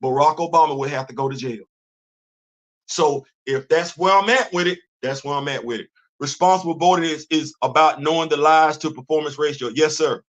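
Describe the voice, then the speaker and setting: Fervent middle-aged man, raised pitch. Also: a little fast, highs cut off. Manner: fervent, preachy, colloquial, answers live chat. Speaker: livestream host. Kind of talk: impassioned livestream commentary.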